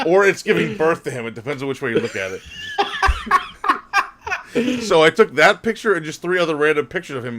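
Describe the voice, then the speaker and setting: A man's voice: medium pitch, a bit bright. A man co-hosting a podcast, telling a casual story in a rambling way. He often corrects himself and laughs as he goes. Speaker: podcast co-host.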